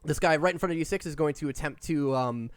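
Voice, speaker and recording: A man narrating a tabletop role-playing game as game master, lively and loose, with casual swearing. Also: a little high, quick pace, no echo, faint music behind.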